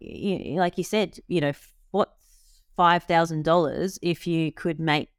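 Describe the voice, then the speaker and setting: A woman's voice: fairly low pitch, fairly even intonation, unhurried, clean tone, no room sound, studio quality. A woman hosting a casual interview, upbeat and encouraging, with frequent ums and likes. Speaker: host.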